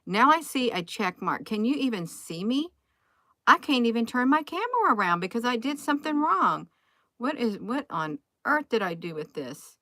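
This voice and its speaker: A woman's voice: a little high, sing-song, moderate pace, pushed and bright, dry recording, studio quality. A woman vlogging into her phone, thinking aloud in a casual, rambling way and often restarting her sentences.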